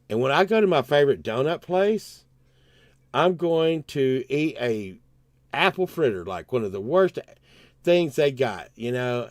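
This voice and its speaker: A man's voice: medium pitch, very animated, slow pace, no echo, clean studio sound. A man, telling a rambling, profane story on his livestream and acting out both sides of the argument.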